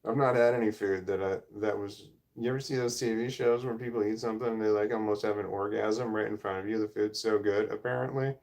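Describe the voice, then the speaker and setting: A man's voice: on the low side, fairly even intonation, quick pace, vocal fry, few pauses, a little mellow. A middle-aged man, hosting a casual livestream at home, reading chat and rambling off on tangents. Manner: rambling, easily sidetracked, self-deprecating. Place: home room, indoors. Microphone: camera or phone mic at desk.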